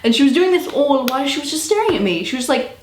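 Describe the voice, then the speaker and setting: A woman's voice: high-pitched, fast, reverberant, slight background noise. Exasperated young British woman vlogger. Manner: animated, exasperated, laughing storytelling. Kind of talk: storytime vlog.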